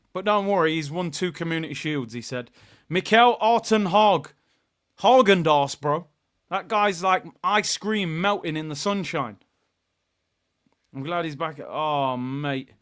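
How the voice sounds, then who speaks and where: High, bright-voiced man ranting. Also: expressive, slow, long pauses, clean tone. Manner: ranting, exasperated, frequent shouting. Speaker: fan watchalong host. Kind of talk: live football watchalong reaction.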